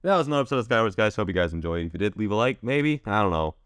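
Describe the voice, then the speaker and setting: A young man hosting a gaming video, telling a school story in a sarcastic, deadpan way with lots of restarts. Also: fairly low pitch, very fast, smooth, no echo, clean studio sound. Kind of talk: casual storytelling over gameplay.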